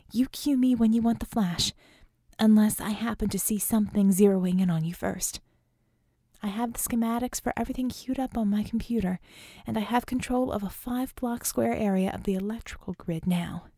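A woman doing a quick, joking tech hero. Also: a little high, warm tone, no echo, clean studio sound.

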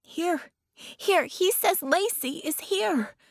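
A woman voicing a frightened little girl who speaks in a high, breathless, pleading voice. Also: expressive, slow pace, creaky, no echo, studio quality, full character voice. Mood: urgent.

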